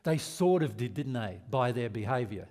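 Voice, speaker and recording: A man's voice: mid-range voice, animated, moderate pace, a little mellow. Man teaching a seminar audience. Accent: Australian. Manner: earnest, rhetorical questions to the audience. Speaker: spiritual teacher.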